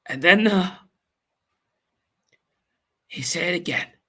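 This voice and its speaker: A man hosting a podcast, telling a painful personal story in an earnest, emotional, halting way with many fillers. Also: sits high, expressive, bright, forceful tone. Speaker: podcast host.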